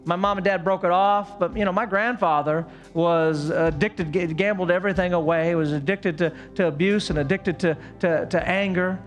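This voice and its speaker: A man's voice: high-pitched, fairly even intonation, moderate pace, few pauses, faint music behind. A male pastor preaching a sermon to his church, fervent and exclamatory with folksy asides. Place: church service.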